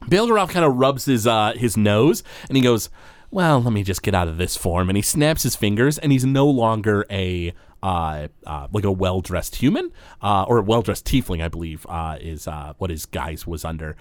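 A man running a tabletop game, his descriptions wandering along with plenty of fillers. His voice rises and falls in a lively way, and the sound is dry and close. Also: lowish voice, moderate pace, dry recording. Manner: rambling, loose descriptions with many fillers. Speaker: game master.

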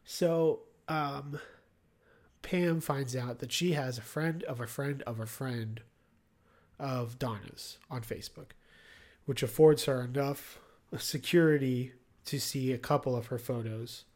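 Slow and unhurried, this man speaks in a mid-range, darkish voice as he co-hosts a podcast. He recaps a TV episode casually, joking around offhandedly and using many filler words.

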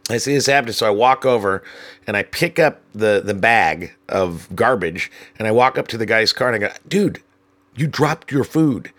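Animated male storyteller, dry sound. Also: normal speed, dry recording. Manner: animated, acts out dialogue with raised pitch, profane. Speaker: hotel manager telling work stories. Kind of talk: casual storytelling.

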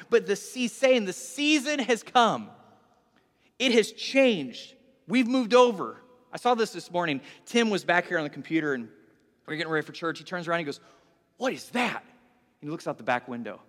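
A man's voice: sits high, a bit bright, long reverb tail. A male pastor preaching a sermon, telling stories animatedly, acting out voices and dropping to a whisper for emphasis.

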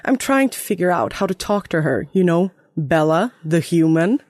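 A woman voicing a brooding young male vampire while reading her own story aloud, in a deadpan way. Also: lowish voice, normal speed, voice pushed down. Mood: earnest.

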